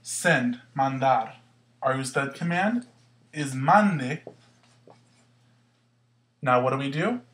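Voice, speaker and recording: A man's voice: medium pitch, lively intonation, extremely slow, long pauses, fairly bright tone. A man teaching a Spanish grammar lesson, explaining patiently step by step and asking questions as he goes.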